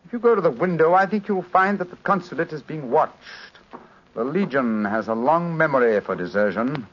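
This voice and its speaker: An actor playing a calm, brilliant male detective who explains things precisely, in 1940s radio acting. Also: a little high, normal speed, a little hiss or hum, lightly acted. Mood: reassuring. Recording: muffled 1940s radio recording.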